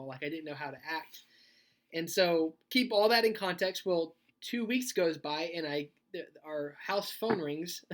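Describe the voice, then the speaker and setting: A man speaking as a youth pastor in a sermon video. He talks in a conversational, animated way and tells a personal story, laughing as he goes. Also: fairly high pitch. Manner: conversational, animated, laughs while telling stories.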